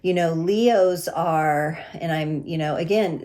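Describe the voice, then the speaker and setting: A woman giving a gentle, reassuring tarot reading, speaking with pauses and restarts. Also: fairly low pitch. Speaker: tarot reader.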